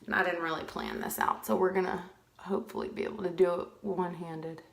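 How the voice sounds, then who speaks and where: A woman's voice: fairly low pitch, flat delivery, brisk, gravelly, reverberant. A chatty woman giving a casual live makeup tutorial at home, greeting viewers by name as she works. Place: at home, with dogs nearby.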